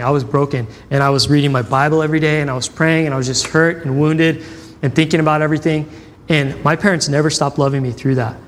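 A man's voice: a little high, a little hiss or hum. Storytelling male preacher, reverberant hall. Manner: conversational, acts out quoted dialogue. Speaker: pastor. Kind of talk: sermon with personal storytelling.

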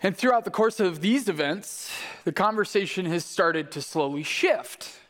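Speaking at normal speed in a high, slightly bright and expressive voice, this preacher narrates a story with vivid energy. He gives each quoted character a voice of their own, and the sermon echoes with long hall reverb.

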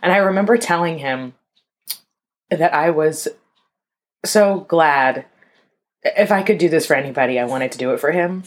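Young woman with a very low voice, telling a story candidly and casually to an audience. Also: moderate pace, pauses often. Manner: candid, conversational, frequent "like" fillers; addresses listeners as y'all.

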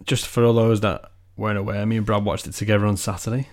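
A man with a lowish voice teases his co-host and runs through the weekend's football results in a casual chat. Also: little pitch movement, fast, a little mellow. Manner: teasing, joking, reads results. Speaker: podcast co-host.

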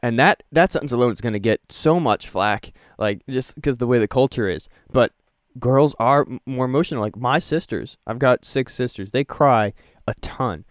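A young man chatting casually on a podcast, animated, and acting out his own reactions in a raised voice. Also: medium pitch, moderate pace, no room sound, clean studio sound.

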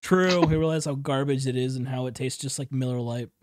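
A man's voice: mid-range voice, a little fast, a little hiss or hum. A man hosting a casual podcast with friends, laid-back and blunt, swearing freely. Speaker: podcast host. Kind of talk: casual chat among friends.

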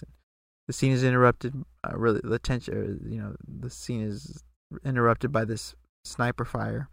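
A man's voice: mid-range voice, moderate pace, vocal fry, few pauses, dry recording, studio quality. A man co-hosting a podcast, casually recapping a TV episode and acting out the characters' lines. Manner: relaxed, recaps scenes and acts out lines. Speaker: podcast co-host.

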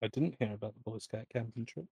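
A man co-hosting a podcast in casual chat, relaxed and swearing freely. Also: medium pitch, fast talker, creaky. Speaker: podcast co-host.

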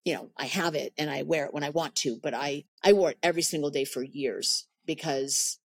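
A woman's voice: sits low, a little fast, gravelly. A middle-aged woman in a podcast interview, telling a personal story earnestly and stressing points by repeating words. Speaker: podcast guest, animal sanctuary founder.

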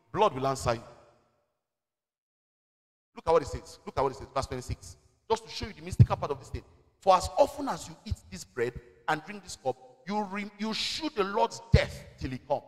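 A man preaching with a high, animated voice that climbs and falls freely, urging his congregation to answer back. He slows right down to read scripture with weight. His voice rings with the long reverb of a church hall. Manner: exhorting, call-and-response with the congregation; reads scripture slowly and deliberately. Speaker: senior pastor. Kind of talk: sermon. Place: church service.

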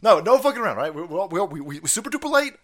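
A middle-aged man hosting a livestream, ranting in a loud, foul-mouthed, rambling way and laughing easily. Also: sits high, very animated, very fast. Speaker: stream host. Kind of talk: profane ranting livestream monologue.

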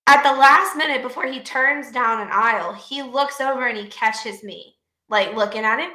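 A woman, co-hosting a podcast and telling stories in a casual, profane, animated way. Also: on the high side, normal speed, roomy sound. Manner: profane, animated storytelling with laughs. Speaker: podcast co-host. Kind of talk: casual storytelling chat.

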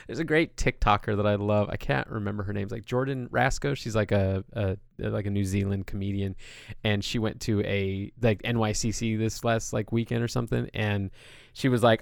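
In a clean, dry studio recording, a man hosts a podcast with casual, loose chatter full of filler words. His voice is fairly low, creaky, and steady in tone, moving fairly quickly.

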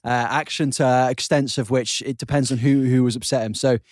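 A man's voice: medium pitch, fairly even intonation, brisk, darkish tone, no room sound, clean studio sound. A young man co-hosting a comedy podcast, telling crude stories full of swearing and cackling. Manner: rowdy, swearing, cackling storyteller. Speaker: podcast co-host.

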